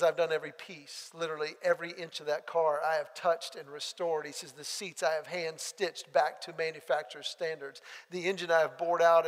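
A man preaching a sermon, telling stories and quoting friends in animated back-and-forth. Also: a little high, big-room sound. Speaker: pastor. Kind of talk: sermon with storytelling.

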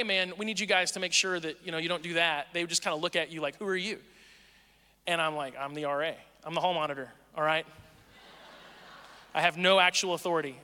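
A man in his forties telling a personal story in a casual, animated way, acting out the people in it. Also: high voice. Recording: long hall reverb.

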